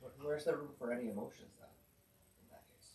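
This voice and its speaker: A man in a class asking a question, halting and restarting as he speaks. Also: medium pitch, warm tone. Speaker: class participant.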